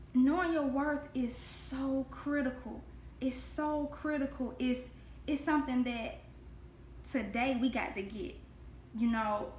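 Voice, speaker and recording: Her voice sits fairly high, with a faint hiss or hum in an echoey room. As a devotional host, this woman delivers a spoken Christian devotional to camera, earnest and heartfelt, repeating phrases for emphasis.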